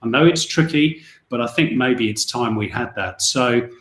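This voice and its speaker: A man's voice: mid-range voice, moderate pace, a bit bright. Middle-aged male football commentator from Northwest England, anecdotal and chatty, roomy echo. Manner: chatty, anecdotal, with many restarts. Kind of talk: podcast interview, storytelling.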